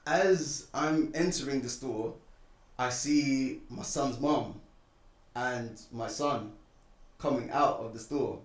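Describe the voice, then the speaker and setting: On a podcast, a man casually tells a personal story, animated and acting out what people said. He speaks slowly at medium pitch, recorded on a distant mic in an echoey room.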